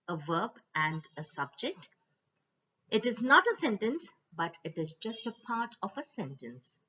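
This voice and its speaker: A woman teacher giving a slide-based grammar lesson, speaking to children and repeating each rule slowly. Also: mid-range voice, pushed and bright, breathy edge. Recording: dull lo-fi voice recording.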